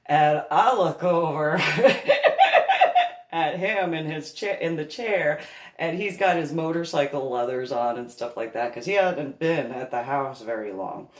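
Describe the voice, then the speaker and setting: A woman's voice: deep voice, normal speed, roomy sound. A woman telling a comic family story, laughing often as she goes. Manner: laughs through her telling. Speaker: comedic storyteller. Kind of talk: comedic personal anecdote.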